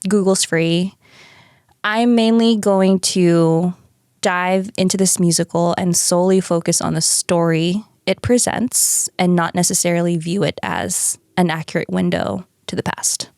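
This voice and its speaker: Woman podcaster chatting away, swears a lot, dry close sound, animated. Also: lowish voice, unhurried, no room sound. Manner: animated, swears freely, acts out characters. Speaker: podcast co-host. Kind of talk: casual chat recapping a musical.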